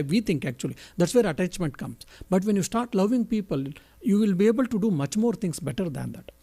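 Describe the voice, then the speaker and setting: Man, high voice, monk, halting, self-correcting, storytelling. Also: a little mellow. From India. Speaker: monk giving a spiritual talk. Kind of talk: answering a question in a spiritual talk.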